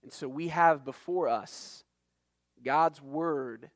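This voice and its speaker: A man in middle age preaching a sermon, his voice sitting a little high for a man. He talks earnestly and conversationally, with frequent restarts. The sound is dry and close, with no room around it. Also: takes it slowly, dry recording. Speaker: pastor.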